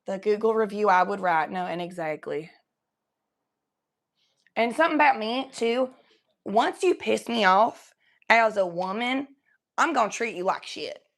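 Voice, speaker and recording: A young woman from Cincinnati, talking in a put-on Southern drawl during a casual livestream chat, crude and rambling, high and coughing now and then. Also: animated, measured pace, pauses often. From Cincinnati, Ohio.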